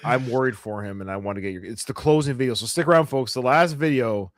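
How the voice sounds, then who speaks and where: A man's voice: mid-range voice, quick pace, dry recording, studio quality. A man hosting a podcast, mocking the clips he plays and laughing often. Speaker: podcast host. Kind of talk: casual commentary chat.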